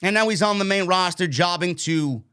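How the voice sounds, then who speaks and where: High, bright-voiced ranting man. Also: normal speed, smooth. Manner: ranting, profane, emphatic. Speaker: podcast host. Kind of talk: wrestling news commentary rant.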